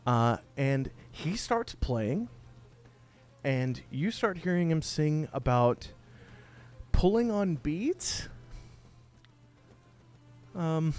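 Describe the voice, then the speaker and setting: A man narrating a tabletop fantasy game as game master, with a bit of a high voice that swings up and down. He talks casually and swears freely. His delivery is animated throughout.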